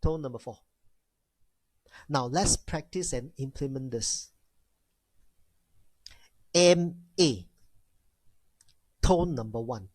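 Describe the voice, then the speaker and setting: Man, language teacher, unhurried, repeats himself, exaggerated tone demos, dry sound. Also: medium pitch, lively intonation, dry recording. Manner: repeats key phrases, addresses class as ladies and gentlemen; demonstrates tones with exaggerated sounds. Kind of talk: classroom lecture.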